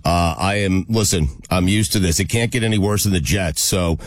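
A man's voice: low voice, moderate pace, no room sound. A man hosting a show from a studio, upbeat and reassuring, laughing often as he talks. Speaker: host. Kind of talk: casual chat.

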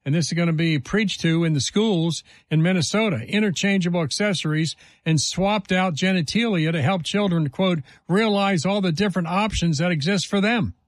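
A male talk radio host holding forth with emphatic indignation, firing off rhetorical questions. His voice sits fairly high for a man, and the studio sound is close and dry, with no room around it. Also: moderate pace, few pauses, no room sound.

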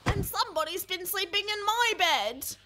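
A woman's voice: very high-pitched, animated, normal speed, noisy background, pitched above the performer's own voice. A woman voicing a fussy mama koala with a whiny, cooing voice, reading a storybook. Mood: whining.

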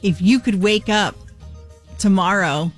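A woman's voice: medium pitch, measured pace, soft background music. A woman hosting a radio morning show, chatting and running a fill-in-the-blank game. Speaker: radio host.

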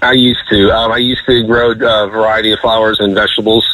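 A man's voice: lowish voice, little pitch movement, fairly quick, sharp tone, poor audio. A man from Georgia calling in to a morning radio show, polite and a little formal. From Georgia, USA. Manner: polite, slightly formal wording. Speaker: caller. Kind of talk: phone-in chat on radio.

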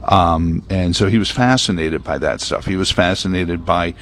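Deep-voiced rambling talk radio man. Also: moderate pace, a bit bright, slight background noise. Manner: rambling, filler-heavy, opinionated. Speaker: radio host. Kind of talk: casual talk radio chat. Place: broadcast booth at a prayer meeting venue.

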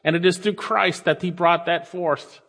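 A male preacher with a fairly high voice, reading scripture aloud and then pressing the point in his own words. He swings between raised, emphatic lines and quiet, low asides. His voice carries a long reverb, as in a large hall. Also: fairly even intonation, moderate pace. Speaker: pastor. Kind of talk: sermon.

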